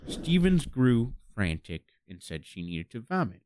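A man's voice: mid-range voice, sing-song, unhurried, darkish tone, slight background noise. A man co-hosting a comedy talk show, telling absurd stories in a mock-serious announcer manner. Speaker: comedy podcast co-host. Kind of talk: absurdist comedy radio chat.

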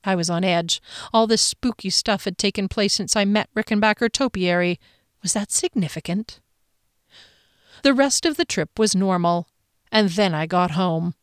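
A woman's voice: medium pitch, normal speed, smooth, no echo, studio quality. A woman reading a first-person audiobook in a conversational, wry storytelling manner. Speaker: audiobook narrator.

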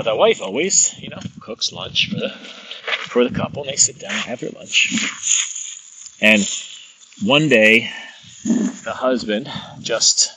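A man's voice: medium pitch, pushed and bright, slight background noise, low-quality recording. A man who works as a massage therapist, talking in a casual, rambling monologue and illustrating his points with examples and stories.

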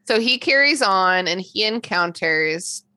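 A woman's voice: medium pitch, animated, a little slow, sharp tone. A woman co-hosting a podcast, chatty and casual, swearing now and then. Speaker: podcast co-host. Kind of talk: casual chat.

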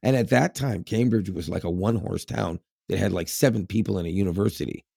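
A man's voice: low voice, brisk, creaky, mellow, breathy edge, no room sound, studio quality. A man co-hosting a podcast in casual chat, rambling with lots of fillers and frequent laughs. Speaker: podcast co-host.

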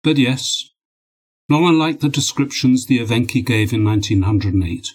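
A man's voice: medium pitch, expressive, normal speed, husky. A man reading a laconic male admiral in a storybook, matter-of-fact and dry.

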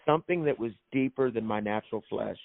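A man's voice: fairly low pitch, fast talker, creaky, no room sound. Emphatic preaching man, tinny sound. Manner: emphatic, preacherly, repeats phrases for effect. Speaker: author and minister. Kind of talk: guest telling a faith story in a preaching tone. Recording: thin phone-like sound, dry.

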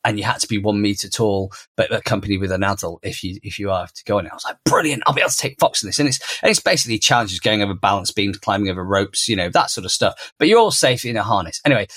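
Brief: male podcast co-host, mid-pitched, animated storyteller, dry close mic. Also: dry recording. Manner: animated, acts out quoted lines in a much higher voice. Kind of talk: casual conversational storytelling.

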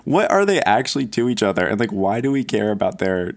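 A man's voice: fairly low pitch, sing-song, fast. A man appearing as a guest on a movie podcast, talking thoughtfully in casual chat.

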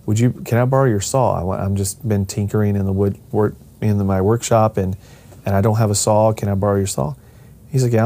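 A man's voice: lowish voice, dark tone. A middle-aged man telling a personal family story in a casual way, rambling with restarts and acting out the voices of the people he quotes.

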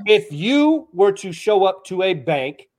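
A podcast co-host argues his point in a casual, profane, animated debate. His voice is high and his pace measured.

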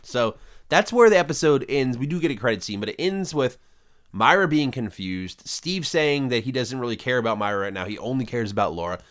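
A man's voice: medium pitch, fairly quick. A man co-hosting a podcast, chatting casually and rambling a bit as he recaps a TV episode. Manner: relaxed, rambling with fillers. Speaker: podcast co-host.

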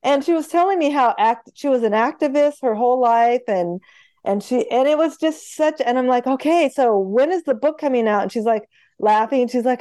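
Her voice sitting high in a dry recording, a woman guest who works as a homeopath recounts patient stories during an interview. She's animated and lively, voicing the people she quotes and laughing quickly.

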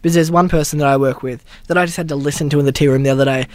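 A man tells blunt workplace stories in casual podcast talk. His voice is high and his pace runs quick. The recording is dry and close. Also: fairly even intonation, no echo. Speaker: podcast co-host. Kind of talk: casual chat.

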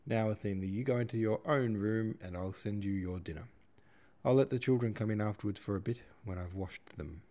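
A man voicing a plain, practical middle-aged mother who speaks in a brisk, homely way in an audiobook reading. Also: lowish voice, warm tone, natural voice. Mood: bustling. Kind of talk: audiobook character voice.

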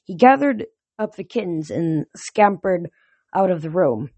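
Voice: medium pitch, expressive, measured pace, a little mellow, slightly rough, dry recording. Home audiobook reader, mid voice, dry close mic, chatty after. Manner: casual, hesitant with fillers when chatting. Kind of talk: reading a novel aloud, casual chat after.

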